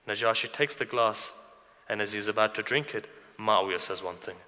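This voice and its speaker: A man with a lower voice and a bright, forceful edge preaches to a gathering. He retells old traditions through quoted dialogue and keeps turning to the listeners with questions. A long hall reverb trails after his words. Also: normal speed. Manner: addresses listeners directly with questions. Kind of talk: sermon storytelling.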